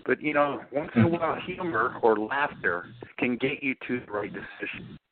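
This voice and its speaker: A middle-aged man, a guest author, answering interview questions with lively storytelling and acting out the voices he quotes. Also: medium pitch, normal speed. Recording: dry, tinny phone line.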